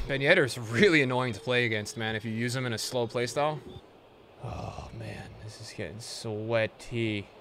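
A young adult man giving live commentary over his own video game matches, excitable, jumping from loud yelps to low muttering. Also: normal speed, a little hiss or hum. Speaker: gaming video creator.

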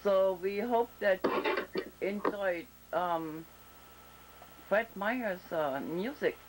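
A woman with a German accent hosting a casual interview show over a video call, talking slowly and deliberately with many fillers and restarts. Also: mid-range voice, a little hiss or hum, low-quality recording. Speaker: talk show host.

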